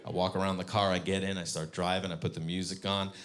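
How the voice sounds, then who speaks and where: A man in his thirties doing a stand-up comedy set on stage, telling animated stories and breaking into high squeaky voices for his kids. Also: quick pace. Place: comedy stage before a live audience.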